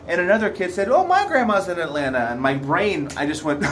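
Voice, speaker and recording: Lively man telling a camp story. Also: a little high, fairly quick, slight background noise. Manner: lively, acting out kids' voices. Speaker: camp counselor.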